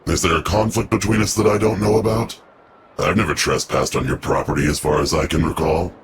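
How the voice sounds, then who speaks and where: A man's voice: rumbling low, steady tone, brisk, heavy background noise. An actor playing a secretive, guarded male agent in a video game, talking curtly and warily. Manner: curt, wary, businesslike. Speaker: game character. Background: music.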